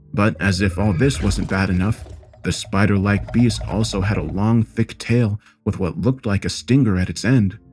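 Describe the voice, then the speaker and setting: Male horror narrator, lower register, grave and measured scripted read. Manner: steady, grave storytelling. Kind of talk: scripted first-person narration.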